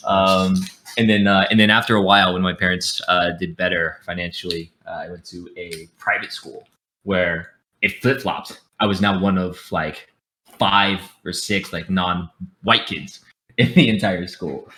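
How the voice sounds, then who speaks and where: A man's voice: deep voice, steady tone, a little slow, pushed and bright, a little hiss or hum. A young man talking casually on a podcast, telling stories with a lot of laughter and acting out the people he quotes. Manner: laughs often, acts out quoted friends. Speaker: podcast host.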